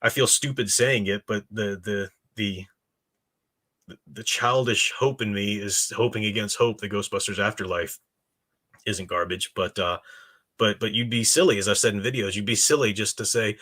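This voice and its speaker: Male live-stream host, low pitch, bright and punchy tone, opinionated. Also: moderate pace. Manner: opinionated and emphatic. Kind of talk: casual live-stream commentary, reading chat.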